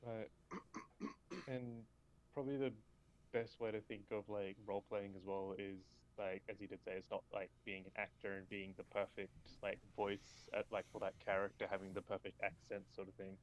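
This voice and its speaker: Low, flat-voiced game master. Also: male voice, normal speed, poor audio. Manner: rambling, many "like"s and fillers. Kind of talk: casual chat on a voice call.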